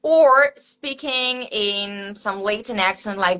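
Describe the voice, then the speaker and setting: A woman's voice: mid-range voice, takes it slowly, bright, forceful tone, smooth, low-quality recording. A woman, a language teacher, answering interview questions in an explanatory way with frequent fillers. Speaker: Spanish teacher and guest.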